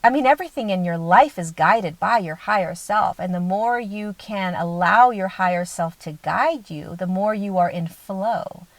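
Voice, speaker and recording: A woman's voice: medium pitch, moderate pace, few pauses, dry recording, poor audio. A woman giving a spiritual talk as a teacher, earnest and often checking in with the listener.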